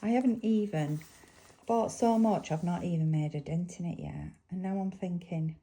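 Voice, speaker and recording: A woman's voice: on the low side, normal speed, dark tone, rough recording. A woman with a Lancashire accent chatting casually at her craft table, thinking aloud and asking viewers questions as she works. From England. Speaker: crafting vlogger. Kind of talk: casual chat while crafting.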